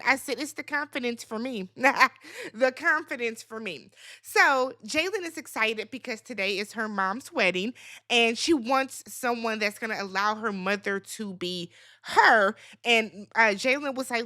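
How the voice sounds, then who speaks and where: Bright high-voiced woman, sassy TV recap. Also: normal speed. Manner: animated, sassy, laughing asides, swears freely. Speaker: recap host. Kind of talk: casual reality TV recap.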